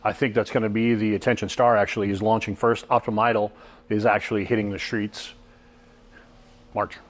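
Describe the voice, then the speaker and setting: A man's voice: lowish voice, flat delivery, fairly quick. A man, a product designer guest on a casual talk show, explaining things in a rambling way with lots of fillers. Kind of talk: casual chat.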